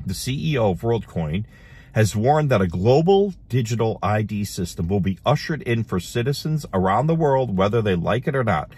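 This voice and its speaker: Man, husky voice, lowish pitch, lively delivery, hosting a casual commentary. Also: normal speed. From United States. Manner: animated, reads headlines and laughs between remarks. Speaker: host.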